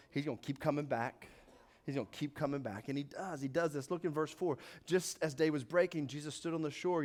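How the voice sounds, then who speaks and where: A man's voice: on the high side, a little mellow. A man preaching a sermon as pastor, acting out scenes from the Bible with rising emphasis.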